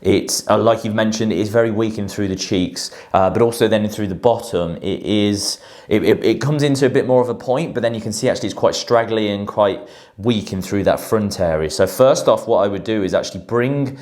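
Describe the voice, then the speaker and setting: A man's voice: on the low side, brisk, darkish tone. A man hosting a grooming vlog, chatting casually about haircuts and beards and leaning on stock phrases. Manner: chatty, repeats stock phrases like 'in through there'. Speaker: male grooming specialist and host.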